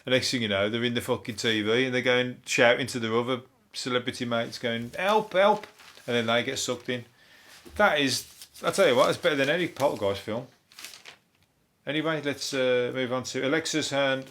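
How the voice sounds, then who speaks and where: A man's voice: medium pitch, a bit bright. Sweary Brummie man riffing comedically. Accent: Birmingham. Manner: sweary, rambling, laughing at his own jokes; throws in quick silly impressions. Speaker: comedian host. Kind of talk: rambling comedic news review.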